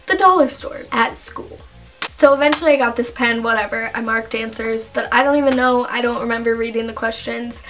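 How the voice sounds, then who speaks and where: Young woman, beauty vlogger, high voice, chatty storytelling, filler-heavy. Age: young adult. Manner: chatty, rambling, heavy use of "like". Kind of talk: casual storytime vlog.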